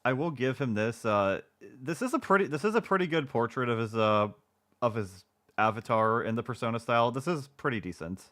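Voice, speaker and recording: A man's voice: medium pitch, expressive, fairly quick, a bit bright. A male streamer gives live commentary over a video he is watching. He mocks it with sarcasm and frequent swearing. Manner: sarcastic, mocking, profane.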